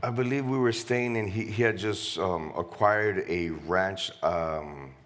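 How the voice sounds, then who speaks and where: Deep-voiced man telling a vivid story. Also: measured pace. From Colombia. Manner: vivid, animated retelling with quoted voices. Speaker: interview guest. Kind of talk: storytelling on stage. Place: live event stage.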